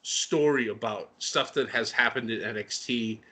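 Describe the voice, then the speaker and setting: A middle-aged man co-hosting a podcast, telling a story in an excitable, emotional way. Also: mid-range voice, unhurried. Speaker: podcast co-host. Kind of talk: casual chat.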